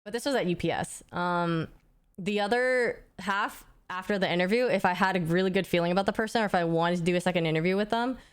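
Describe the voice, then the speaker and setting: A woman's voice: lowish voice, fast talker, clear, resonant tone. A young woman streamer in casual chat, rambling and thinking aloud as she answers questions.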